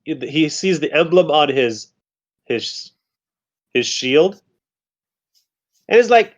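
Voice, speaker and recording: A man's voice: a little high, sing-song, takes it slowly, long pauses, dull audio. A man narrating a tabletop game as game master, in a loose, joking way.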